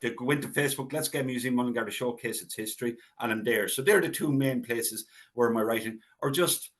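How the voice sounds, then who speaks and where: A man's voice: medium pitch, fairly quick. Chatty Irish man telling stories. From Ireland. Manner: chatty anecdotal storyteller, acts out quoted voices. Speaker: guest, local historian. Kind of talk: casual storytelling interview.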